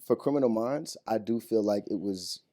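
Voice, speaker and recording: Speaking at a moderate pace in a lowish voice, a guest actor being interviewed in a hotel room tells stories during casual chat. He's an animated storyteller who laughs frequently.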